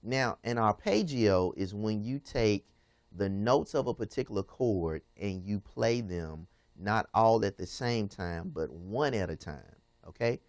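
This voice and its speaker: A man's voice: fairly low pitch, expressive, measured pace, dry recording, clean studio sound. A man teaching a piano lesson, patiently explaining each step and checking in with "okay?" after most phrases. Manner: patient, repeats steps, ends phrases with "okay?". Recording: piano playing under the voice. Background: piano music.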